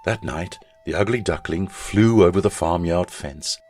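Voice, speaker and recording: A man, a school chaplain, narrating a children's story in an expressive storytelling manner. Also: low voice, unhurried, music in the background.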